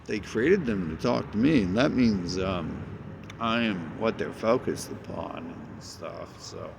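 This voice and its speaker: A man's voice: lowish voice, animated, slow, gravelly, noisy background. A man in a rambling, agitated monologue, cursing often and jumping between ideas.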